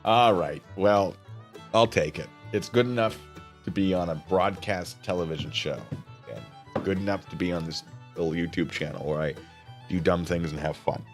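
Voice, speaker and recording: Over instrumental background music, a man chats casually on a live stream, rambling and poking fun at himself. His voice sits low and moves at a moderate pace.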